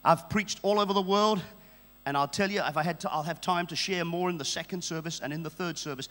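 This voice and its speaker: A man from England in his fifties preaches with fervour, driving home repeated phrases for the congregation to echo. His voice sits high and rings bright and forceful. The sound carries a long church-hall reverb over a faint electrical hum. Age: 50s. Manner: fervent, repetitive call-and-response preaching. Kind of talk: sermon.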